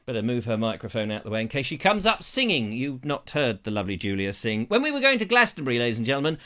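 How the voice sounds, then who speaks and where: A man's voice: mid-range voice, very animated, fast talker, a bit bright. A man hosting a rambling live show, playful and jokey, chatting to viewers. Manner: playful, jokey, puts on silly voices. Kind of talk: rambling live-stream chat. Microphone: lavalier.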